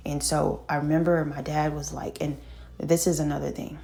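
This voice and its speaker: A middle-aged woman telling a painful personal story in casual talk, halting and full of fillers and restarts, sighing and shaken. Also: sits low, little pitch movement, gravelly, mellow. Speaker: vlogger telling her own story.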